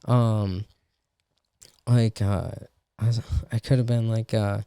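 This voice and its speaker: A man's voice: fairly low pitch, flat delivery, takes it slowly, mellow, clear, resonant tone, dry recording, clean studio sound. A young adult man telling a story in casual podcast chat, swearing often and full of fillers. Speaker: podcast co-host and stand-up comedian.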